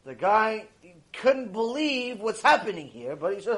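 Animated teacher guy, highish voice, storytelling lecture, says things twice for emphasis. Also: a little slow. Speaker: religious teacher.

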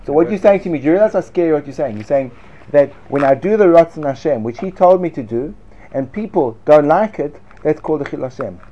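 Guy giving a torah class, kinda high voice, sarcastic, laughs a lot. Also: quick pace, muffled recording. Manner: animated, sarcastic, laughing at his own points. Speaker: Torah teacher.

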